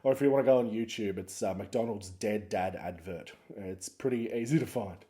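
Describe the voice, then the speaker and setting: Mellow-voiced podcast host. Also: male voice, fairly low pitch, normal speed. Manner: rambling, jokey, self-mocking. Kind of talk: casual podcast intro chat.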